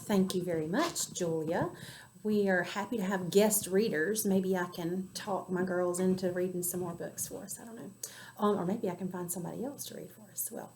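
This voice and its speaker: A woman's voice: on the low side, normal speed, very noisy. A woman teacher, chatting casually with her class. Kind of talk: casual classroom video talk.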